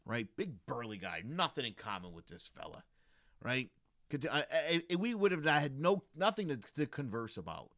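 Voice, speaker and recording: Animated, bright-voiced man telling stories. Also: medium pitch, normal speed, dry recording, studio quality. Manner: animated storytelling with frequent restarts. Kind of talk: casual chat.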